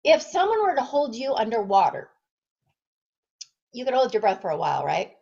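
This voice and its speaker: Here a female fitness and nutrition coach addresses the camera with a fervent motivational speech, throwing rhetorical questions at viewers. Her rather high voice is very animated, gravelly and warm, moving at a moderate pace over lo-fi sound.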